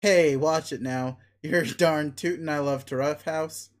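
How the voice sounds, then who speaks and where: A man reading aloud as an earnest, easily flustered young fellow who peppers his talk with old-timey exclamations. The voice sits a little high and close to the reader's own. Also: steady tone, a little slow, natural voice.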